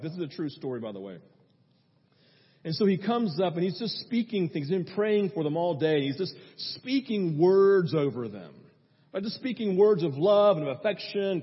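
Husky high-voiced preacher in an echoey hall. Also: male voice. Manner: conversational, with frequent "right?" asides. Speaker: pastor. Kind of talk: sermon. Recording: echoey hall, dull lo-fi sound.

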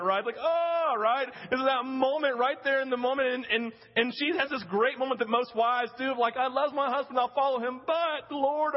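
Male pastor acting out bible scenes in his sermon, pretty high voice, muffled sound. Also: in a large hall. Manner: animated storytelling, acting out scenes.

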